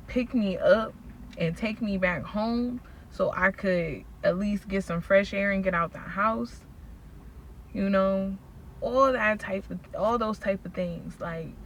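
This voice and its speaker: A woman telling a personal faith story in a casual vlog, slangy and animated as she recounts events. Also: mid-range voice, slight background noise. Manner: animated storytelling, acts out quoted people, slangy. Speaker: faith vlogger.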